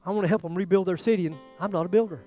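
A man preaching a sermon, acting out quoted prayers, shifting from loud bursts to near whispers. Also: high voice, racing, faint music behind. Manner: dramatic, acts out biblical quotes with swings in loudness. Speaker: pastor.

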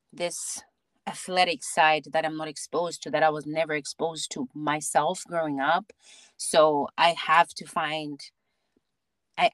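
A woman speaking as a podcast guest, telling stories about her child in an animated way, often restarting her sentences. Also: deep voice, no room sound. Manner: animated storytelling with many restarts and laughs. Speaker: podcast guest, mother and theatre actor. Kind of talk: casual interview chat.

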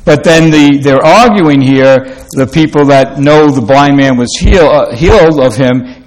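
A man preaching a sermon in a slow, halting way, with many fillers and restarts. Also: fairly high pitch. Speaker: pastor.

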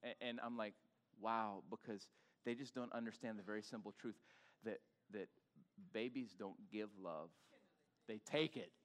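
A male pastor preaching an animated sermon in church, bantering with the congregation and urging them to talk back. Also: fairly low pitch, normal speed, big-room sound. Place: church sanctuary.

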